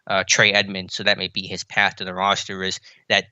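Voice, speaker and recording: A man co-hosting a sports podcast, talking quickly and matter-of-factly in a lowish voice. His tone is sharp and very bright. The recording is dry, with a slightly dull, lo-fi mic sound. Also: completely flat delivery, no room sound. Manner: brisk, matter-of-fact, teasing. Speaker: podcast co-host. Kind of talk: casual sports analysis.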